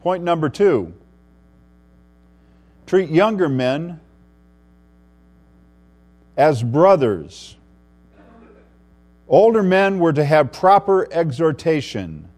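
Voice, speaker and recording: A man preaching an expository sermon, reading scripture and explaining it, who often drops to a hushed voice for emphasis. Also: a little high, very animated, drawn-out words, long pauses. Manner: preaching with wide swings in loudness, dropping to a hushed voice for emphasis. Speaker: pastor.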